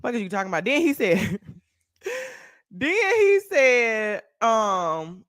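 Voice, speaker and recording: A lively woman from Texas hosts her own livestream, her voice swooping up and down as she reacts to the comments coming in. She swears without a second thought and talks to her viewers like friends. The sound is close and dry. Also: fairly high pitch, takes it slowly, no echo. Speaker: livestreamer and podcaster. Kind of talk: casual livestream chat.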